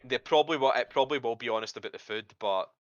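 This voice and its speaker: Brief: male game master, mid-pitched, casual and hesitant, dull dry lo-fi sound. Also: quick pace, dry recording. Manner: rambling, hesitant, swears casually. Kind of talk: narrating a tabletop game.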